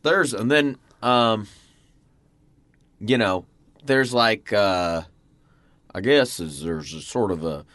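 Man from Oklahoma, casual chat, rambling, bright forceful voice, dry close mic. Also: fairly low pitch, slow pace, long pauses, no echo. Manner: rambling, trailing off, many fillers.

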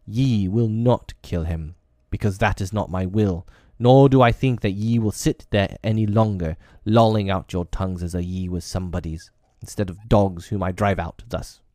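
A man's voice: low-pitched, moderate pace, hardly any pauses, warm tone, dry recording, clean studio sound, close to an everyday voice. A man voicing a defiant young man-cub raised by wolves, with commanding, old-fashioned speech, in an audiobook reading.

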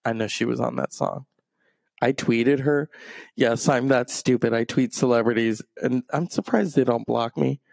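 A man's voice: medium pitch, normal speed, creaky, a little mellow, no room sound. A man hosting a show, ranting in a crude, rambling, self-mocking comic way. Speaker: show host. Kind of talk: comedic rant.

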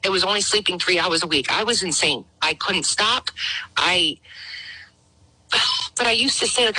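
A middle-aged woman guest sharing a personal story, emotional and halting, acting out quotes. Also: mid-range voice, pushed and bright, slightly rough, no room sound, poor audio. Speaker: guest caller. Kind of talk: personal testimony.

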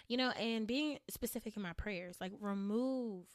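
A woman's voice: medium pitch, normal speed, dry recording, clean studio sound. A woman hosting her own podcast in a candid solo monologue, blunt and emphatic, repeating phrases for punch and swearing casually. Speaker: podcast host.

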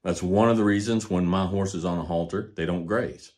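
A man's voice: sits low, fairly even intonation, fairly quick, darkish tone. An older man who trains horses, hosting a casual monologue in a folksy, plainspoken way and repeating points for emphasis. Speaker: podcast host, rancher and horse trainer.

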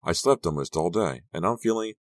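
A man playing a calm, reassuring teenage girl. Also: low-pitched, brisk, no echo, studio quality. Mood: insistent. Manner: coaxing, insistent, reassuring. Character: steady teenage girl, guilt-ridden but reassuring.

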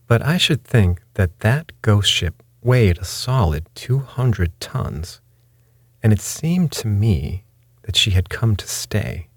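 A man reading a story aloud as its narrator, in a measured, unhurried way. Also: on the low side, creaky, breathy edge, no echo.

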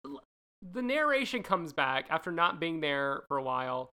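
A woman co-hosting a chatty podcast, with an animated voice that swings in pitch. Her tone is bright and sits a little low. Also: normal speed. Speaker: podcast co-host. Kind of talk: casual chat.

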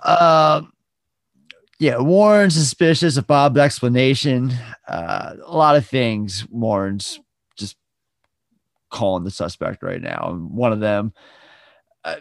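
A man's voice: mid-range voice, takes it slowly, creaky, pauses often, no echo, clean studio sound. A man hosting a podcast, casually recapping a film's plot and asking his guest questions. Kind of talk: casual film discussion.

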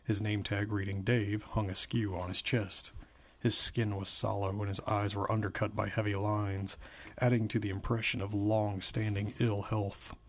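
A man narrating a novel aloud in a steady, measured way. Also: lowish voice.

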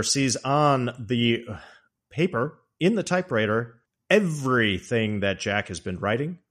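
A man hosting a podcast, casually discussing a film with animated storytelling. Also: mid-range voice. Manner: animated storytelling, acts out quotes. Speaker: podcast host.

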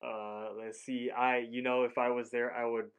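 A man's voice: medium pitch, level tone, moderate pace, clean tone. A man co-hosting a podcast, chatting casually, laughing often and saying "like" a lot. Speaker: podcast co-host. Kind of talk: casual chat.

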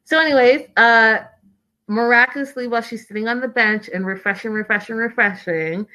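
A woman's voice: on the high side, a little fast, pushed and bright. A woman giving a casual, opinionated recap of a reality TV show, stressing points by repeating words.

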